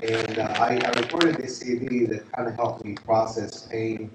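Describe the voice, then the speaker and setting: A man's voice: lowish voice, little pitch movement, normal speed, a little hiss or hum. A man preaching a sermon as pastor, chatty and joking, asking the congregation questions. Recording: echoey hall, distant mic.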